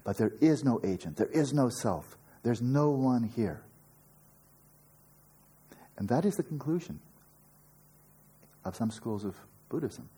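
A man's voice: mid-range voice, warm tone, slightly rough. An older man giving a meditation teaching, earnest and explanatory, with playful asides and frequent rhetorical questions. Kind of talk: dharma talk to retreat students.

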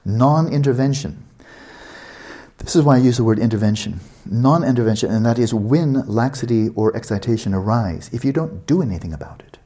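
A man's voice: medium pitch, expressive, brisk, dark tone. A man teaching meditation in a blunt, sarcastic, conversational way, mocking the excuses students make. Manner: blunt and sarcastic, mimics students' doubting thoughts. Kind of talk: dharma teaching talk.

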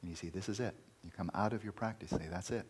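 A man's voice: on the low side, fast talker, breathy edge. A man teaching meditation in a dharma talk, emphatic, repeating key words and at times dropping to a near-whisper.

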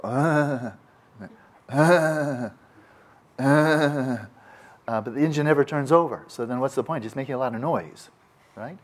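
A man teaching meditation in a reflective talk. He speaks thoughtfully and often restarts his sentences. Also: medium pitch. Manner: acts out quoted voices.

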